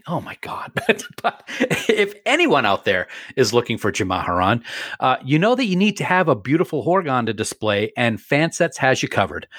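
A man's voice: medium pitch, fairly bright tone, no room sound. Joking male podcast co-host, dry sound. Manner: jokey, laughs often, reads ads and calls to action. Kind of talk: casual podcast chat.

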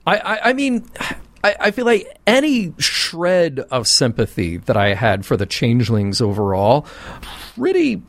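A man's voice: on the high side, huge pitch swings, a little slow, fairly bright tone, no echo. A man co-hosting a podcast, chatting casually and emphatically with frequent exclamations. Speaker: podcast co-host. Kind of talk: casual chat.

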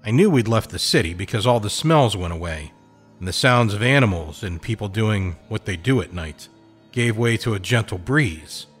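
A man's voice: on the low side, expressive, normal speed, slightly rough, faint music behind. A man narrating a pulp adventure in the first person, in a hardboiled, slangy storytelling manner.

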